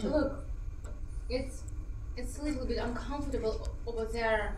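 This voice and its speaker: A woman's voice: fairly high pitch, darkish tone, close to an everyday voice. A woman acting a frightened young female soldier, speaking hesitantly in an amateur drama. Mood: tender. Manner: hesitant, halting. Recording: echoey, distant, faint noise.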